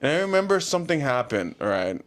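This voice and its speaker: A young man co-hosting a podcast, chatting casually and rambling through loose, animated stories. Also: medium pitch, fast talker. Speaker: podcast co-host. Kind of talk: casual chat.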